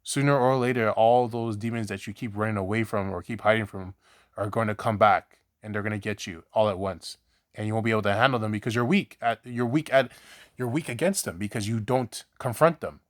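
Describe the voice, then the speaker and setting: Guy preaching bible stuff all loose n chatty, keeps saying right?, low voice, dry sound. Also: brisk, dry recording. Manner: conversational, repeats 'right?' and restarts; blunt, swears in examples. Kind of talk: informal scripture teaching.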